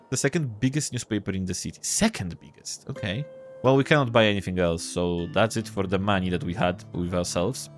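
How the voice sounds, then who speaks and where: A man's voice: sits low, fairly quick, faint music behind. A man casually commenting on a game as he plays, joking and swearing as he reads the text aloud. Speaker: gameplay video host.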